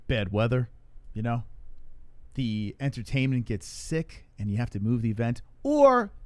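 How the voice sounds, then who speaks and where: A man's voice: medium pitch, big pitch swings, measured pace, a little mellow, no room sound. A man co-hosting a casual news show who rants sarcastically and swears a lot. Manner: profane, sarcastic ranting. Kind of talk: casual chat.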